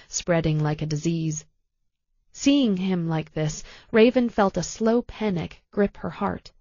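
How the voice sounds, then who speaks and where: A woman narrating an audiobook in a calm, measured way. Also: on the low side, no echo, highs cut off. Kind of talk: scripted narration.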